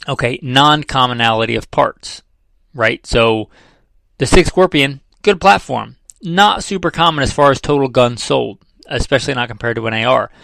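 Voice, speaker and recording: A man with a gravelly, mid-pitched voice explains his subject in an easy, conversational way. He repeats key numbers to make them stick and throws in dry, sarcastic asides. The sound is close and dry. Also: lively intonation, normal speed, fairly bright tone, no echo, low-quality recording. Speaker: firearms trainer. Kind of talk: casual instructional talk.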